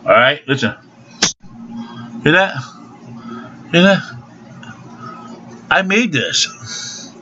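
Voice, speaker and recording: A man's voice: a little high, big pitch swings, extremely slow, pauses often, bright, forceful tone, faint music behind. An older man delivering a rambling, profane, aggrieved rant into a home video camera. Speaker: vlogger. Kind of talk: angry ranting monologue. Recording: dull lo-fi home video sound.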